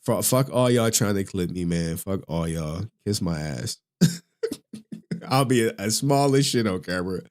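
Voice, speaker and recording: A man's voice: deep voice, animated, measured pace, darkish tone. A man in his forties hosting a casual livestream, swearing often, laughing through his words and getting emotional. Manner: profane, laughing, emotional, slangy. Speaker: livestream host.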